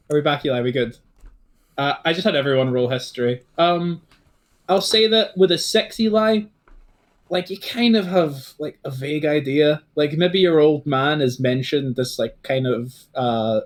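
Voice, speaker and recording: A man's voice: on the high side, unhurried. A man running a tabletop game as game master, rambling with many fillers and restarts.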